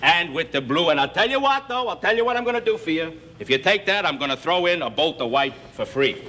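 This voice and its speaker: An actor playing a pushy, fast-talking male merchant with a salesman's wheedling patter in a 1960s TV comedy sketch. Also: on the high side, lively intonation, sharp tone. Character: pushy, wisecracking male merchant haggling over goods. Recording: noisy 1960s broadcast audio.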